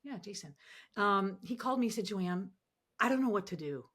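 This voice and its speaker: A woman telling animated, emotional stories as a podcast guest, acting out the voices she quotes. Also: mid-range voice, a little fast, husky. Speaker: podcast guest, ministry founder. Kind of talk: conversational storytelling interview.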